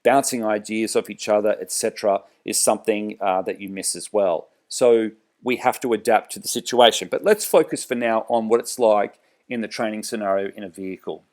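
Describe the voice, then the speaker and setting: A man's voice: medium pitch, a little mellow. A man who trains driving instructors, explaining with examples in an online training lecture, with frequent fillers and restarts. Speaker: driver trainer.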